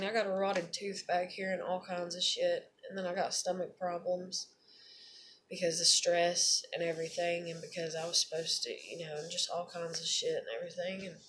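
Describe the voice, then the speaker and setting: A woman's voice: fairly low pitch, flat delivery, normal speed, fairly bright tone, slight background noise. Rambling, blunt woman. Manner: rambling, confessional, blunt with frequent swearing. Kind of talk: candid personal monologue.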